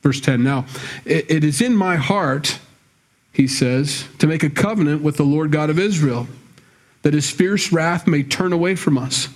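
A man's voice: fairly high pitch, moderate pace. A male pastor preaching a sermon in a church, talking plainly to the congregation and building to emphatic bursts. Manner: conversational preaching, rising to emphatic scolding bursts.

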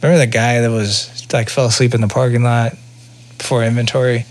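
A man's voice: medium pitch, little pitch movement, fairly quick. A young man co-hosting a podcast in casual chat, laid-back and profane, often laughing through his stories. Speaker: podcast co-host.

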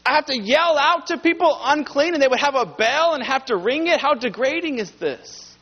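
High-voiced pastor preaching earnestly. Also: male voice, expressive, moderate pace, dull audio. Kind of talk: sermon. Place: church.

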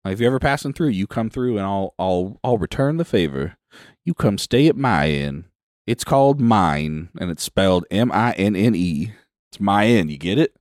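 A man's voice: fairly low pitch, expressive, normal speed, a little mellow, no room sound, clean studio sound, lightly acted. A man voicing a pun-loving male penguin innkeeper who talks in a folksy, eager way.

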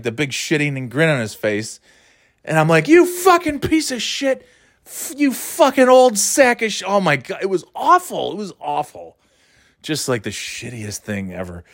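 A middle-aged man hosting a podcast and telling stories casually, rambling and swearing, and jumping into a high shout when he acts out his own outbursts. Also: no echo, clean studio sound. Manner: rambling and profane, with frequent fillers. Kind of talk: casual comedic storytelling.

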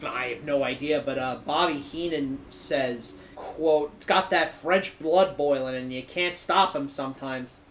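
A woman's voice: extremely low pitch, measured pace, few pauses, slight background noise. A woman co-hosting a podcast, playfully recapping wrestling with plenty of profanity. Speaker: podcast co-host. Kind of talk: casual wrestling recap chat. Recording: roomy echo.

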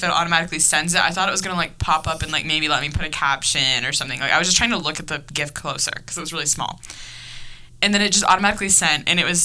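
A young woman hosts a casual podcast chat, her voice very bright and crisp. She tells stories in an animated way, laughing often and filling pauses with lots of fillers. She sits at home in Florida. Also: on the low side, a little hiss or hum. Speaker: podcast host.

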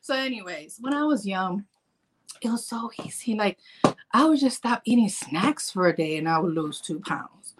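A woman in her forties talking casually to camera in a vlog, animated and playful. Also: medium pitch, normal speed, slightly rough. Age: 40s. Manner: animated, playful, acts out her own inner voice. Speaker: fitness vlogger.

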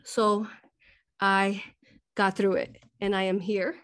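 A woman's voice: medium pitch, flat delivery, slow, fairly bright tone. A woman hosting a live spiritual question-and-answer talk, emotional and often laughing, a little short of breath. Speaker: host and hypnosis teacher.

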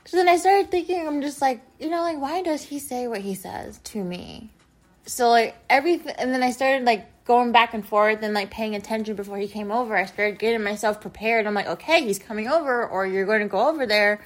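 A woman's voice: on the high side, fairly quick, soft background music. A young adult woman talking straight to her viewers in a confessional vlog, rambling with lots of fillers. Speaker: vlogger. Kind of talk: confessional casual monologue.

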